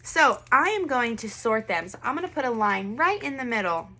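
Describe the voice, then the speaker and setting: A woman's voice: fairly high pitch, sing-song, normal speed, sharp tone. A woman teaching a first grade video lesson, patiently asking questions and having children repeat words after her. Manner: patient, encouraging, asks questions and has kids repeat. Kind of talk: online classroom lesson.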